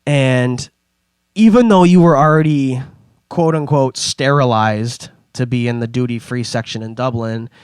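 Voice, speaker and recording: A man's voice: mid-range voice, clear, resonant tone, no echo. Young man telling stories, dry sound. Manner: rambling, animated storytelling with put-on voices. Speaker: podcast host. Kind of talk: casual storytelling.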